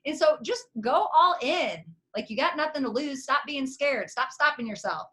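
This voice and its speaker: Woman in her thirties, bright edgy voice, sassy pep talk, slang, video call. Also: high-pitched, moderate pace. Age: 30s. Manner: sassy, slangy and animated, with swings between loud and soft. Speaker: guest speaker.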